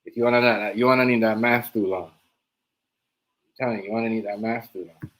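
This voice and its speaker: A man's voice: on the low side, steady tone, brisk, fairly bright tone, low-quality recording. A man hosting a reaction livestream, ranting in a heated, mocking way and repeating himself. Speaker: livestream host.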